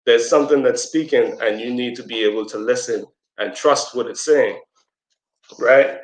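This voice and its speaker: A man speaking at a middle pitch, talking loosely and conversationally as he teaches through a story, with some echo from the room around him. He slips into a squeaky high voice when he quotes someone ranting. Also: moderate pace. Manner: conversational, loose, with fillers and asides. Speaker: speaker at a community presentation. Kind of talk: casual teaching talk with storytelling. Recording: roomy echo.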